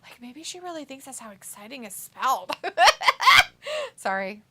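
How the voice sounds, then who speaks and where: Female co-host, bright tone, giggly and teasing, reads out live chat. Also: a little high, animated, brisk. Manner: laughs often, teasing, reads viewer comments aloud. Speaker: co-host reading chat on a wrestling watch-along stream. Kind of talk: casual live-stream chat.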